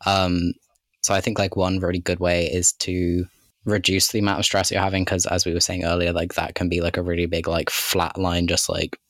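A man's voice: low voice, completely flat delivery, moderate pace, fairly bright tone, no room sound. A man co-hosting a podcast in casual chat, rambling and filling his sentences with "like" and "kind of". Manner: rambling, heavy use of "like" and "kind of". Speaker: podcast co-host.

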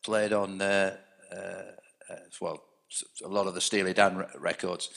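A man's voice: low-pitched, steady tone, normal speed, a bit bright. A man in his sixties telling anecdotes in a casual chat, often restarting his sentences. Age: 60s.

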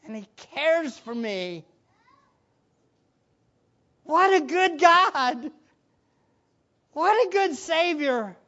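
A man preaching as pastor, swinging between loud excited exclamations and hushed prayer, often laughing and asking the listeners questions. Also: very high-pitched, drawn-out words, long pauses, dull audio. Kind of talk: sermon.

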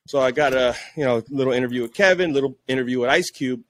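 A man telling stories in a casual podcast chat, jumping into high voices when he quotes people. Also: quick pace, no room sound. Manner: animated, acts out quotes in a high voice. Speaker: podcast guest, police social media officer.

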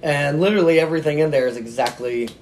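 A man's voice: a little high, fast talker, a little hiss or hum. Self-mocking man telling a story. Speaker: podcast guest, author. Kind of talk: casual podcast chat.

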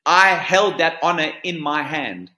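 Earnest man telling a story, bright voice. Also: on the high side, unhurried. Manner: earnest, repeats words as he searches for them. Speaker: surf coach guest. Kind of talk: storytelling interview answer. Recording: roomy echo.

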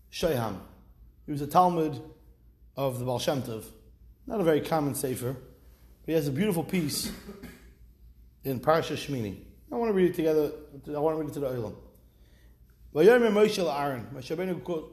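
Animated, high-voiced rabbi teaching Torah. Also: male voice. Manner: animated, rising to near-shouts when stressing points; mixes Hebrew text reading with English explanation, repeats words. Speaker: rabbi giving a Torah class. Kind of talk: spoken Torah lesson.

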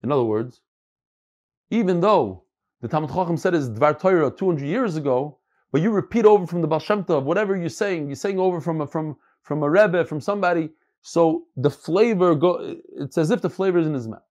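Male Talmud teacher, lively and swooping delivery, stop-start explaining. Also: fairly high pitch, fairly quick. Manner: animated, repeats words while searching for phrasing. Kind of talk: Talmud class, reading and explaining.

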